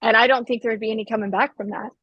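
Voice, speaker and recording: A woman's voice: a little high, fairly even intonation, very fast, breathy edge, no room sound, lo-fi sound. A woman co-hosting a casual podcast, blunt and teasing with her co-host.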